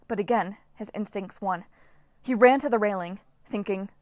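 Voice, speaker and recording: A woman narrating a novel as an audiobook reader, with a lively, dramatic delivery. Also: medium pitch, moderate pace, no echo, studio quality. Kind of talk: scripted narration.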